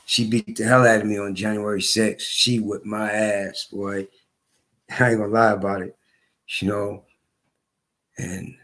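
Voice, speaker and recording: A hoarse man telling his story in a casual monologue, repeating his points for emphasis. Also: fairly low pitch, sharp tone. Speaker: vlogger.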